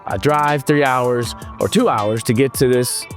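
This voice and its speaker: A man's voice: medium pitch, measured pace, soft background music. A man from California, a motivational speaker telling a story to students in a casual, playful way, sometimes slipping into a sing-song delivery.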